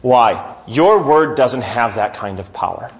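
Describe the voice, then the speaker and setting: A man's voice: medium pitch, expressive, measured pace. A man preaching as pastor, reading scripture aloud and putting questions to his congregation. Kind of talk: sermon.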